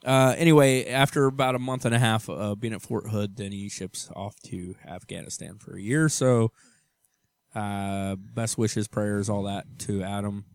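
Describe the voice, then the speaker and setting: A man's voice: on the low side, steady tone, normal speed, gravelly, clean tone, no room sound. A man in his thirties co-hosting a casual podcast with his wife, teasing and arguing in a joking, goofy way. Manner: jokey, teasing, argumentative. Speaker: podcast co-host. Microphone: studio mic.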